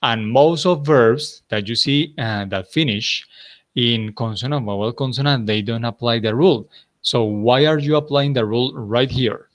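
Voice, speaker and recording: Patient Colombian male English teacher. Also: mid-range voice. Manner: patient, encouraging, corrects slowly. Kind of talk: online class teaching.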